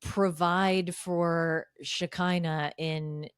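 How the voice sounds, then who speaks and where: A woman co-hosting a podcast, recapping a reality show with dry, deadpan sarcasm. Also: fairly low pitch, drawn-out words, smooth, dry recording. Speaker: podcast co-host. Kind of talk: casual recap chat.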